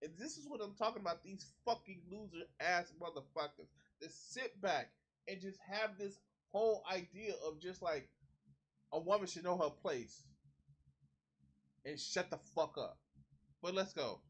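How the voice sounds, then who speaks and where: A man with a high, bright and forceful voice rants through a live reaction stream. He sounds indignant and profane, and he mocks the speakers in the clip he is reacting to. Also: animated, normal speed, husky. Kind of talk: heated reaction commentary.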